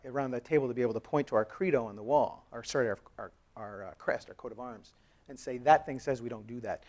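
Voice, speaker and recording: A man in his thirties speaks quickly on a conference stage. His talk is loose and conversational. He jokes with the audience as he tells his story. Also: mid-range voice. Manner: animated storytelling, acts out quoted dialogue. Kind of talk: live conference presentation. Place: conference hall.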